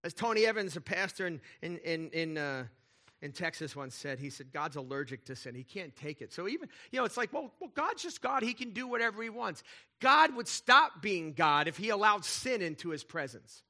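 High, bright-voiced male preacher. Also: normal speed. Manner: conversational, animated, checks in with "right?"; playful asides and humor. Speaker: pastor. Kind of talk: sermon.

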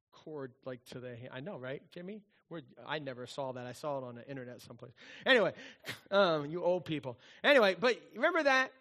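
Brief: middle-aged male pastor, high bright voice, animated, playful sermon delivery. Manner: animated, playful storytelling with sung bits.

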